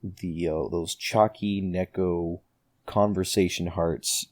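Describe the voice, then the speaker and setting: A young man with a fairly low voice chats on a podcast. He talks hesitantly, with lots of ums and uhs, and keeps a relaxed, easygoing tone. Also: slow pace. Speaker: podcast co-host. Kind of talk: casual chat.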